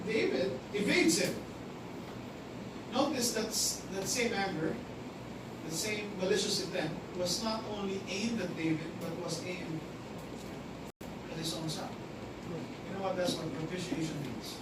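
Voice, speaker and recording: A male pastor preaching a sermon, dramatic, swinging from hushed lines to forceful emphasis. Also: high voice. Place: large church hall. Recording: echoey hall, distant, noisy live stream.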